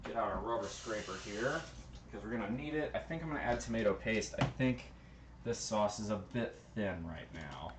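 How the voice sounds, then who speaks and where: A man hosting a casual cooking livestream, keeping up a relaxed running commentary with fillers as he works. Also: fairly low pitch, normal speed. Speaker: livestream host. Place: home kitchen. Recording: echoey kitchen with loud background noise.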